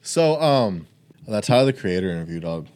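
A man's voice: on the low side, very animated, normal speed, a little mellow. Joking, profane male podcast co-host. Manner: loose, profane and joking, teasing his co-host. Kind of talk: casual chat.

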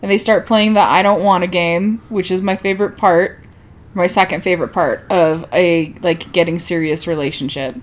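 Woman podcast host, chatty recapper, quick to laugh and curse. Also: fairly low pitch, steady tone. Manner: laughs often, swears, acts out quotes. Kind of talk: casual podcast chat recapping a show.

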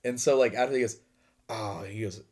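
A man's voice: medium pitch, fairly even intonation, fairly quick, a little mellow. A young man co-hosting a podcast tells a story casually. He rambles and swears freely. He fills his talk with "like" and acts out what everyone said. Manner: rambling, profane, many fillers, acts out dialogue. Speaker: podcast co-host.

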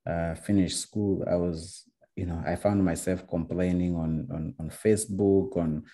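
Low, mellow-voiced man from Rwanda. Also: steady tone. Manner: halting, many restarts and fillers. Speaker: guest. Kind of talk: casual storytelling.

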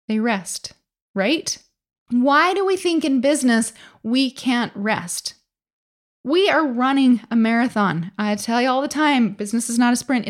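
Middle-aged lady podcaster, peppy pep-talk voice, a bit high, asks lots of questions. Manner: upbeat, emphatic coaching with rhetorical questions. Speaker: podcast host. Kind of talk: motivational business podcast.

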